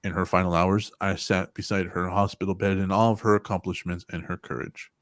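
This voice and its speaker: A man's voice: low voice, flat delivery, brisk, no room sound, studio quality. A man in his forties hosting a casual podcast chat, rambling and swearing often, with frequent laughs. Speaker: podcast host.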